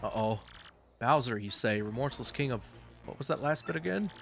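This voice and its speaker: A man voicing a pompous, self-important gentleman detective who speaks theatrically, with faint music behind. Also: mid-range voice, expressive, a little fast, gravelly.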